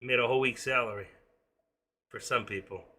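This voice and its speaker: A man in his sixties, an excitable day trader who rambles through a casual live-stream commentary with pep-talk asides. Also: mid-range voice, brisk, breathy edge. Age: 60s.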